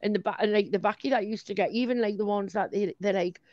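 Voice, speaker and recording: A woman's voice: medium pitch, quick pace, a little mellow, no echo, muffled recording. A woman in a casual group chat, blunt and ranting with heavy swearing. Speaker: livestream chat participant.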